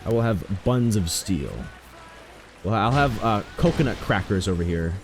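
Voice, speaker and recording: A young man rambles through a live game stream, his voice low but swinging widely up and down as he jokes and tells stories. Faint music plays under him. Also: normal speed. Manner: joking, rambling, animated storytelling. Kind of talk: casual live-stream chat while gaming.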